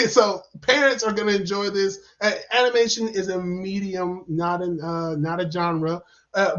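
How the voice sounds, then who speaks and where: A man giving a casual, rambling movie review, excitable and full of fillers and repeated words. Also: high voice. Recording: dull lo-fi sound.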